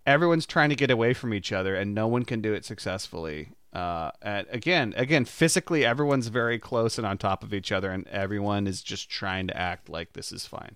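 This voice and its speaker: A man's voice: lowish voice, lively intonation, brisk, hardly any pauses, a bit bright, clear, resonant tone, no echo, clean studio sound. A man co-hosting a podcast, retelling scenes with enthusiasm and laughing mid-sentence. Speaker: podcast co-host. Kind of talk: casual chat.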